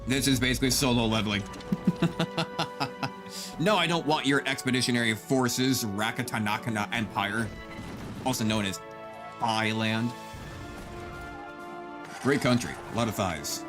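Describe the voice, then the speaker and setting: A man's voice: mid-range voice, measured pace, long pauses. A man giving casual, joking gameplay commentary with mock-grandiose outbursts and frequent laughter. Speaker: gaming YouTuber. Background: game music.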